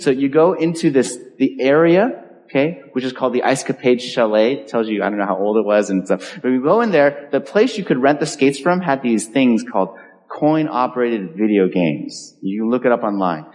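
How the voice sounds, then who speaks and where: A man preaching a sermon, telling a story and acting out the people in it. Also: medium pitch. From California. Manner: animated storyteller acting out voices. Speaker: pastor. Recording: long hall reverb.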